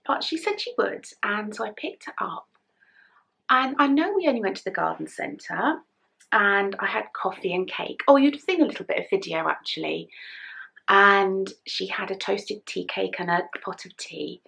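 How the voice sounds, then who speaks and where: Middle-aged English woman, casual knitting vlog chat, gravelly and lively, tearful and soft-spoken. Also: mid-range voice, normal speed. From England. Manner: chatty, emotional, soft-spoken, drops to whispers. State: emotional, close to tears. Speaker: knitting vlogger.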